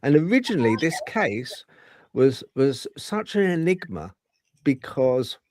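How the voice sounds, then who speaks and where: Male podcast host, lively up-and-down voice, rambles and restarts, dry close sound. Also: a little high, measured pace, no echo. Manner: rambling, with many fillers and restarts. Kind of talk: casual storytelling chat.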